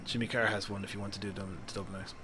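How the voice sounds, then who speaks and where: A man's voice: on the low side, flat delivery, racing. Chatty Irish man streaming a game. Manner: chatty, laughs often, thinks aloud. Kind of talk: casual live-stream chat. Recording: noisy background.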